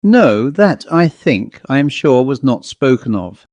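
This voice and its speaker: A man voicing an old-fashioned country rector who speaks crisply and a little impatiently. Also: medium pitch, big pitch swings, a little slow, darkish tone, dry recording, highs cut off. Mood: brisk. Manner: crisp, clipped and somewhat impatient. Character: brisk, fussy male country rector.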